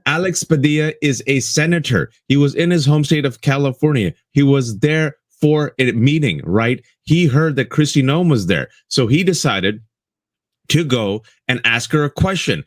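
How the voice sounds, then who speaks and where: A man's voice: mid-range voice, animated, normal speed, no echo, clean studio sound. A man co-hosting a live political talk show, giving impassioned commentary and addressing listeners as folks, repeating lines for emphasis. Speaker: co-host.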